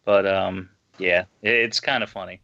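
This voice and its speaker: A man's voice: deep voice, steady tone, moderate pace, sharp tone, dull audio. A man co-hosting a casual podcast, telling a rambling story and laughing as he goes. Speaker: podcast co-host. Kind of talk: casual group chat.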